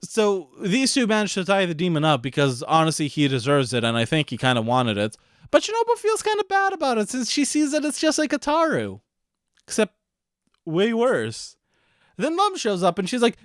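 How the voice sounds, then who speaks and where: A man's voice: high voice, very animated, moderate pace, a bit bright, no room sound, studio quality. A man narrating a crude comedic recap in a sarcastic, profane manner. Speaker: recap host.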